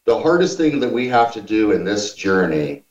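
Blunt, swearing storyteller from Missouri, low voice, animated; distant, echoey, muffled recording. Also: male voice, moderate pace. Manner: blunt, profane anecdotes with lively shifts. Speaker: former gym owner and trainer, guest. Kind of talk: casual storytelling. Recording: roomy, distant, dull sound.

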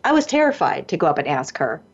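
A middle-aged singer and voice teacher, appearing as a radio guest, tells lively anecdotes at a fast clip, her voice leaping high whenever she acts out what others said. It comes through a dull, lo-fi radio broadcast.

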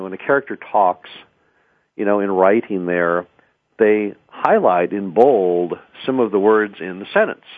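A man's voice: on the low side, dry recording. A man hosting a radio talk show, giving conversational advice on public speaking and often restarting words. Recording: tinny phone-like radio sound.

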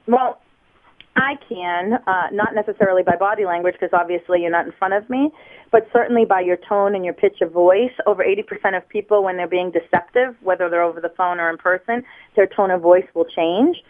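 A woman from the United States, a body language expert, explaining on a radio show in a lively teaching tone over the phone. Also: on the low side, a little fast. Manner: lively teaching tone, acts out examples. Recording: tinny phone line.

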